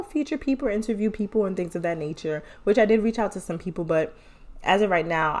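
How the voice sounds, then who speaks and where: A woman's voice: lowish voice, a little mellow. Chatty young woman hosting a podcast. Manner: chatty and rambling, with playful asides and laughs. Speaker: podcast host. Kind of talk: casual solo podcast update.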